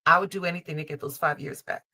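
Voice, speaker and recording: A woman's voice: low-pitched, steady tone, fast talker, pushed and bright. A middle-aged woman from Chicago hosting a live-stream tarot reading, emphatic and repetitive, calling her listeners baby and honey and cursing freely. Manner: emphatic, repeats lines, calls listeners baby and honey, salty language. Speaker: tarot reader and show host. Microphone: streaming call setup.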